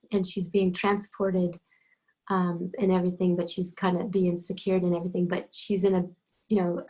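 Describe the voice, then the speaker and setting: A woman's voice: lowish voice, a little mellow. A woman working as an animal communicator, telling a casual, meandering story full of asides. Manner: meandering, digressive, lots of asides.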